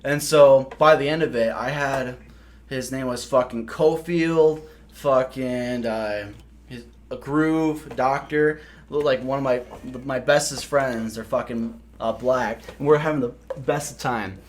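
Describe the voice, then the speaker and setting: A young South Dakota man hosts a podcast, spinning rambling, profane stories in casual chat and laughing partway through them. His voice is mid-range and slow, with slight background noise.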